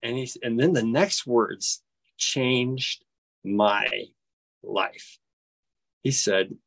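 A man telling a personal story as an interview guest, acting out quoted dialogue with big jumps in pitch and often restarting his sentences. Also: creaky, a bit bright, no echo. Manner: halting, with frequent restarts.

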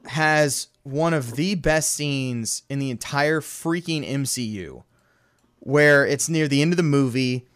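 A man's voice: mid-range voice, slow, clear, resonant tone. A man co-hosting a casual movie podcast, talking with lots of energy, laughing often and acting out scenes from films. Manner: animated, laughs often, acts out movie lines. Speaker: podcast co-host. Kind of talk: casual chat.

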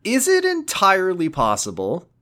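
A man's voice: sits high, wildly swooping pitch, moderate pace, sharp tone. A man co-hosting a casual podcast, recapping a movie in an exasperated, sarcastic way with plenty of swearing. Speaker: podcast co-host. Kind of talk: casual chat recapping a film.

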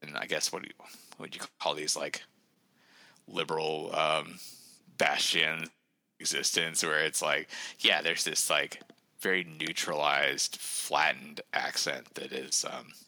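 Brief: male author guest, low-pitched, very forceful edge, rambling chatter full of restarts. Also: little pitch movement, measured pace, no echo. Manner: rambling, many fillers and restarts. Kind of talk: casual podcast chat.

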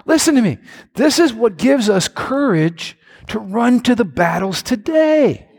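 A man preaching a sermon in an animated way, his voice climbing to near-shouts. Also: high voice, unhurried, creaky, breathy edge. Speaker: pastor.

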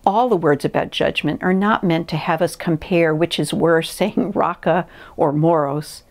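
A woman preaching a sermon in an earnest, measured way, reading scripture and a story aloud. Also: low voice, darkish tone. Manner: earnest, measured teaching with pauses.

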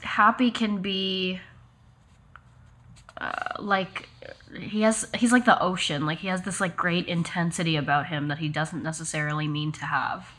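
A woman chatting as a player in a tabletop role-playing game, quick and laughing as she describes her character. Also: lowish voice, fairly even intonation, a bit bright. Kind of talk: casual chat as a tabletop player.

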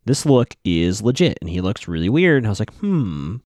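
A man's voice: lowish voice, sing-song, a little fast, darkish tone, no room sound. A man casually recapping a TV episode, chatting to viewers he calls folks.

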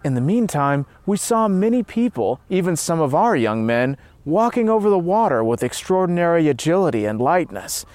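A man telling a story in steady, earnest scripted narration. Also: medium pitch, dry recording.

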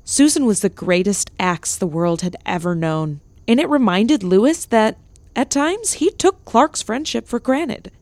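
A woman narrating a comedic story in a deadpan, mock-grand delivery. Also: mid-range voice, measured pace, no room sound.

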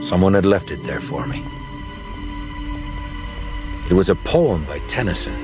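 An actor playing a grim male starship commander, reading a log entry as a voiceover in a TV drama in a solemn, measured way. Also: sits low, lively intonation. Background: score music.

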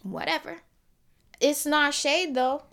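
A fairly high-voiced woman with a Caribbean accent hosts her own podcast, thinking aloud to her listeners. She talks loosely, full of "you know" and restarts, drifting from soft reflection into lively, emphatic bursts. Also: moderate pace. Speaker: podcast host. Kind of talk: reflective solo podcast monologue.

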